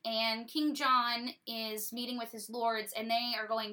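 A woman's voice: fairly high pitch, fairly even intonation, slow pace, hardly any pauses, pushed and bright. A woman giving a breezy, sarcastic comedic retelling of a story.

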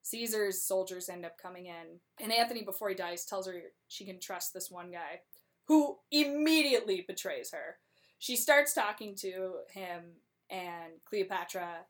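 A young woman retells a play in a loose, casual way. She is chatty and breaks into quick character voices as she goes. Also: fairly low pitch.

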